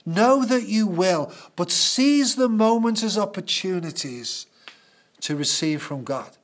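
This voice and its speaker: A man's voice: high-pitched, expressive, takes it slowly. A man preaching a sermon, telling stories earnestly and with emphasis.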